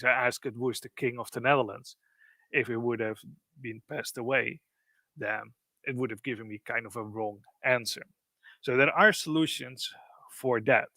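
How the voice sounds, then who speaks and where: A man presenting a live software demo, explaining in loose, casual phrasing with frequent fillers. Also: mid-range voice, no room sound.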